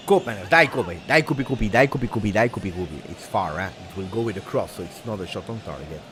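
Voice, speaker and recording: Man, live football reaction, lively swinging pitch, excitable, nervous, shouts and chants, faint background noise. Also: brisk. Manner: excitable, anxious, bursts into shouts and repeated chants. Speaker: football fan channel host. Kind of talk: live match watch-along reaction.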